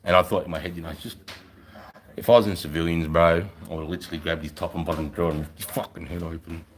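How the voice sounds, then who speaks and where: A man's voice: low voice, little pitch movement, quick pace, a little hiss or hum. A middle-aged Australian man, a former soldier, telling blunt, profane stories in casual podcast chat. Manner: blunt, heavily profane storytelling.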